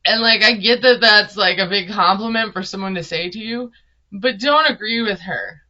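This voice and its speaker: A woman's voice: medium pitch, normal speed, bright, forceful tone, dull audio. A woman, recapping a reality show in casual, sarcastic commentary. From Minnesota. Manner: chatty, sarcastic, laughs often. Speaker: TV recap vlogger.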